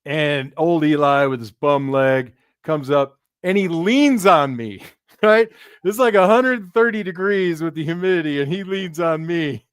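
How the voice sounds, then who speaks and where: Smooth-voiced man telling football stories. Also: a little high, unhurried, no echo, studio quality. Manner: tells lively anecdotes, often acting out the voices of others. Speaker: podcast co-host and former player. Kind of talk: casual sports podcast chat.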